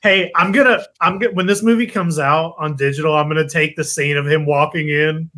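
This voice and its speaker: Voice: medium pitch, steady tone, fairly quick, bright, forceful tone. A podcast co-host in casual chat, sounding incredulous and jokey.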